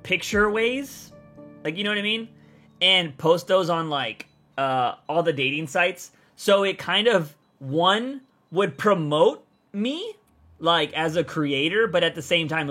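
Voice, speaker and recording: A young man chats casually on a livestream, blunt and rambling, cursing freely as he answers viewers. His voice sits a little high and sounds bright and forceful, though a bit raspy today. Faint music plays under him. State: voice feels raspy. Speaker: content creator streamer.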